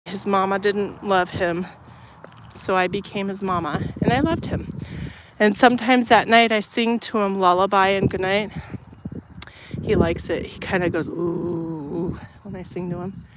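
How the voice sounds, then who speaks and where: A woman holds her phone as she livestreams casually from her garden, talking to her viewers and her animals. She speaks unhurriedly in a mid-range voice with fairly even intonation, and there's noise in the background.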